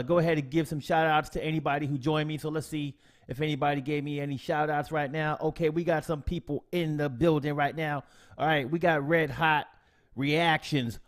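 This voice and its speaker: A young man with a fairly high voice hosts a casual live stream. He talks in a chatty, upbeat way, full of playful slang. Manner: upbeat, slangy, chatty, reads chat shout-outs aloud.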